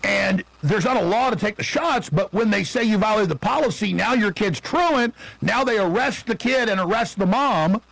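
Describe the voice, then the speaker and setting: A middle-aged man hosting a radio talk show, delivering a rambling, indignant political monologue with quick asides. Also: high voice, lively intonation, creaky, a bit bright, dry recording, poor audio.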